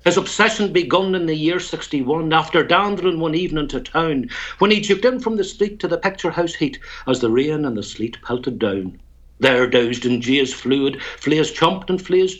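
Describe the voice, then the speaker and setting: A man's voice: a little high, highs cut off. A man from Tyrone with a Northern Irish accent, a guest poet who tells stories and recites a rhymed poem, chuckling between lines. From Tyrone, Northern Ireland.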